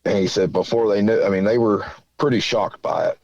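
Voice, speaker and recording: Male caller from southern Indiana, rambling and folksy, lowish voice, dull dry lo-fi audio. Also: a little fast, creaky, darkish tone, no echo. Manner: rambling, folksy, many fillers. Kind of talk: casual storytelling.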